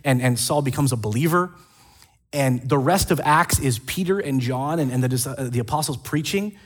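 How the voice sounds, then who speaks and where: A man preaching a casual sermon, retelling scripture stories in an animated way with quick asides. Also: medium pitch, slightly rough. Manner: animated storytelling with acted quotes and asides. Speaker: pastor.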